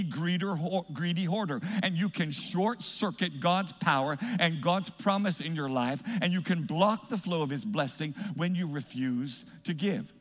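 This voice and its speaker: A man preaching a sermon in a church, emphatic and rising to shouts as he calls for responses. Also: high voice, in a large hall.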